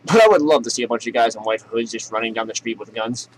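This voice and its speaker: A man's voice: medium pitch, fast, poor audio. A man hosting a comedy news show, ranting sarcastically and profanely and laughing at his own jokes.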